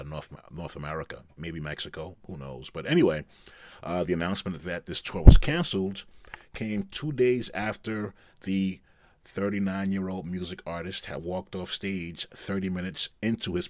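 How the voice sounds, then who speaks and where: Low-voiced guy rambling through celeb news, lots of restarts, dry close sound. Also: a bit bright, no room sound. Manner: rambling, halting delivery with many restarts. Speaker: commentary host. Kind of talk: casual news commentary.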